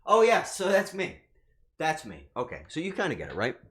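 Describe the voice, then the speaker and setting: A man's voice: a little high, wildly swooping pitch, moderate pace, a bit bright, slight background noise. A man streaming as a VTuber, telling a rambling story straight to his chat and swearing freely. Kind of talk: casual storytelling to live chat.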